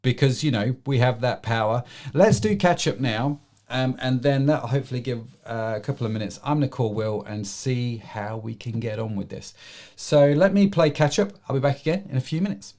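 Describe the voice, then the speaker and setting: A man's voice: medium pitch, animated, normal speed, a little mellow. A man hosting a church livestream, chatty and joking in a loose, casual way. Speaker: livestream host. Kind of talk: casual chat.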